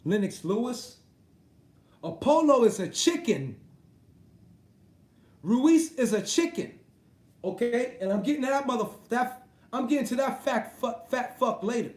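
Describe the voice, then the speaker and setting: A man with a very high voice fires off a foul-mouthed boxing rant, calling people out and cursing at every turn. He keeps lurching between loud outbursts and low grumbles as he talks to his viewers. The sound is roomy and echoey. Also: expressive, a little slow, pauses often. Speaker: boxing commentator ranting to his live chat. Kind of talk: profane off-the-cuff rant.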